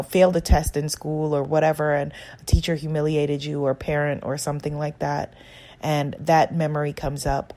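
A woman's voice: low voice, mellow. A woman self-help author giving an earnest, encouraging guided talk on self-acceptance.

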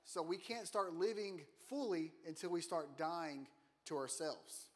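A man with a slightly high, somewhat slow voice is a guest preacher delivering a casual, joking sermon in a church auditorium. He often puts questions to the congregation.

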